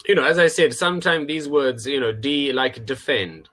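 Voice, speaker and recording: A man's voice: on the high side, a little fast, a bit bright. A man teaching English pronunciation in an online lesson, patiently repeating words for his student. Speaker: English tutor. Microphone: video call.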